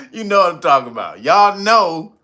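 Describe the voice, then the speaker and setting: A man's voice: high voice, pushed and bright. A man hosting his own channel, talking in a casual, comedic, profane way and breaking into laughter between lines. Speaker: channel host. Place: California.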